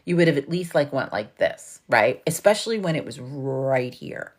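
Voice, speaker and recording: A woman's voice: very deep voice, lively intonation, normal speed. A woman from New York with a New York accent, hosting a casual livestream chat and telling a story full of swearing and laughter. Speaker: livestream host.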